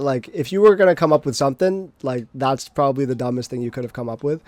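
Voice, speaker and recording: A young adult man on a stream tells a personal story in a rambling, self-mocking way, restarting often and swearing. His voice is medium-pitched.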